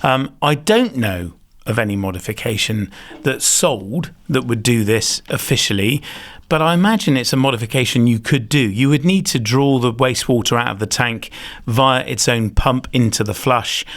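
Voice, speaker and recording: A man's voice: mid-range voice, moderate pace. Guy hosting a podcast, upbeat and chatty, mid voice, lots of uhs. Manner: enthusiastic, chatty with fillers. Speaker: podcast host. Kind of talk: casual chat, giving advice.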